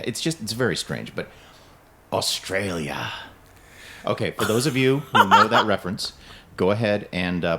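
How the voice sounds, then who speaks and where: A man's voice: low-pitched, fairly bright tone, slight background noise. A man co-hosting a podcast in casual chat, joking and going off on tangents. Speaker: podcast co-host.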